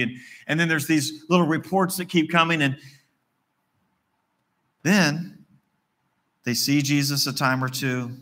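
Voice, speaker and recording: A man's voice: a little high, sharp tone. A man from West Virginia, preaching a conversational sermon and acting out the dialogue of the stories he tells. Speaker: pastor.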